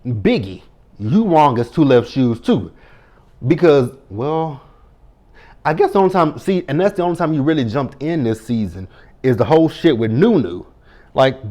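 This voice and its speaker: A man's voice: mid-range voice, dark tone. A man in his thirties giving a casual reality TV recap, blunt and profane, speaking straight to the cast members and stressing his words. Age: 30s.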